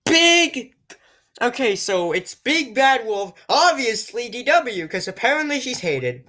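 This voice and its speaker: A woman gaming YouTuber chats her way through a game in relaxed commentary. She talks slowly, and her pitch moves up and down freely. She often mutters to herself as she weighs each choice. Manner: chatty, muttering to herself while choosing.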